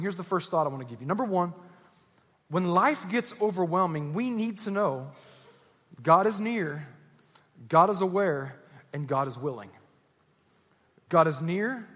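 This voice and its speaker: A man's voice: high voice, fairly bright tone, husky. A man preaching a sermon as pastor, earnest and emphatic, repeating key lines. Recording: echoey church hall.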